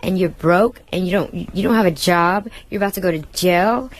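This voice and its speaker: Excitable woman telling a story. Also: normal speed, no room sound. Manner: excitable, acts out quotes with big jumps in pitch. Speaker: guest. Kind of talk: animated storytelling in a radio interview.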